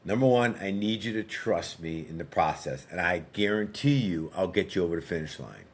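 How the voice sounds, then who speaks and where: A man, a podcast guest and fitness coach, telling a story in a relaxed, conversational way and acting out dialogue as he goes. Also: low-pitched, a little fast, slightly rough. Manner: frequent fillers and restarts.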